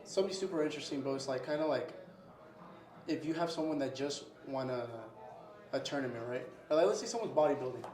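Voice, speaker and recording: Medium in pitch and a little mellow, a young restaurant owner talks fast and animatedly in a reverberant space at his restaurant. During this casual interview he keeps saying "bro" and acts out little customer scenes.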